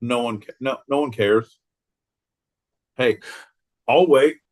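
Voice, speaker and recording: A man's voice: medium pitch, steady tone, slow. A man co-hosting a podcast, rambling through crude jokes and laughing often in casual banter. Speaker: podcast co-host.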